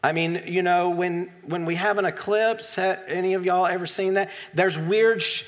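A man's voice: high voice, steady tone, moderate pace. Casual, rambling male preacher. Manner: casual, digressive, with self-deprecating asides. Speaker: pastor. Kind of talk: conversational sermon reading and explaining scripture.

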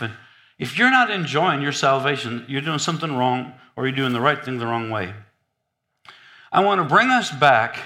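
A man preaching a sermon in an animated, humorous, conversational way. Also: fairly high pitch.

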